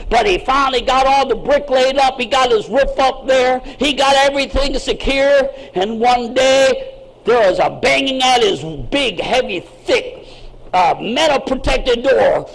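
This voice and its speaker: High-voiced exclamatory male preacher. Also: moderate pace, slight background noise, rough recording. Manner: exclamatory, repetitive preaching cadence. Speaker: pastor. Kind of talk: sermon storytelling.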